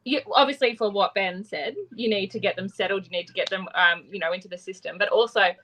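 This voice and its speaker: Woman, Australian accent, casual panel chat, relaxed, thinking aloud. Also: mid-range voice, quick pace, a little hiss or hum, rough recording. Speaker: co-host panelist.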